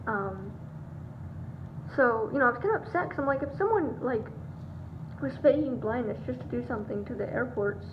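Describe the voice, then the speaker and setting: A young woman telling a casual vlog story, chatty, with many fillers and acted-out quotes. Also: a little high. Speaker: vlogger. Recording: dull lo-fi sound with audible background hiss.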